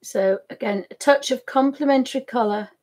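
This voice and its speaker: Chatty art streamer, woman, husky and slightly high-pitched, easily amused. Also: moderate pace, a little mellow. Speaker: art demonstrator. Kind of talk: live painting tutorial stream.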